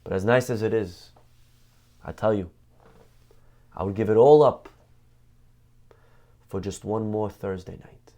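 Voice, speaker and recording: A man voicing a humble, saintly old man who speaks gently and reassuringly from heaven, in a storytold Torah class. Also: fairly low pitch, a little slow, long pauses, pitched below the performer's own voice. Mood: wistful.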